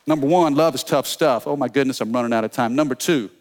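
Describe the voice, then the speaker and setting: A man preaching a sermon as pastor, energetic, telling funny stories and calling out to the congregation. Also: mid-range voice, quick pace, a faint crowd. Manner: energetic preaching with call-and-response; storytelling with humor.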